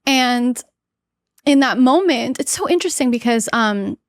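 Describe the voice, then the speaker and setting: A woman's voice: high-pitched, expressive, a little slow, dry recording, clean studio sound. A woman in her thirties, a podcast guest, earnestly telling a personal story and acting out what people said. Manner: candid, earnest, acts out her own quoted lines.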